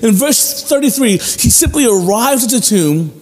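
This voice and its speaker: High-voiced earnest preacher in a reverberant hall. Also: male voice, animated, moderate pace, a little mellow. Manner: earnest, repeats phrases, asks rhetorical questions. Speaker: pastor. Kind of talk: sermon. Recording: long hall reverb with faint music.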